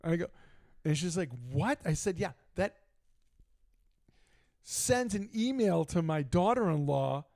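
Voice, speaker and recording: A middle-aged man co-hosting a live sports talk show, his voice a touch high with a gravelly edge. He tells stories animatedly, doing the voices of everyone in them, and the recording sounds close and dry. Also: measured pace, long pauses, dry recording. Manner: animated storyteller, acts out both sides of conversations. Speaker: podcast co-host. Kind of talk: casual chat, storytelling.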